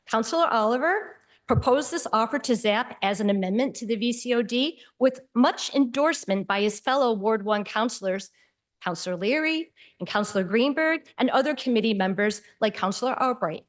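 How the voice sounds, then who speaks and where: A woman's voice: on the high side, animated, normal speed. A woman resident reading a prepared public comment at a city meeting, pointed and at times sarcastic.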